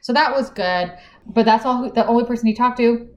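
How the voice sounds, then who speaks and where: A woman's voice: on the high side, a little fast, dull audio. A woman co-hosting a book podcast, chatting casually as she retells the story and acts out the characters' lines. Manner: chatty retelling with acted-out quotes. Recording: echoey room.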